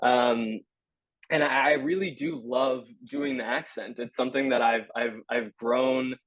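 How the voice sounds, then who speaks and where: A young man answers interview questions in an earnest, halting way, often stopping to search for the right words. His voice sits in a middle register. The sound is dry and close, with no room echo. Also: mid-range voice, animated, vocal fry, dull audio. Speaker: stage actor guest.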